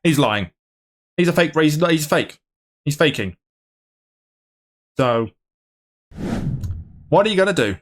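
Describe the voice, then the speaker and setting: A man's voice: fairly high pitch, sing-song, takes it slowly, pauses often. Blunt man reacting to a clip. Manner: blunt, exasperated, swears freely. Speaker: reaction video host. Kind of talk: reaction commentary.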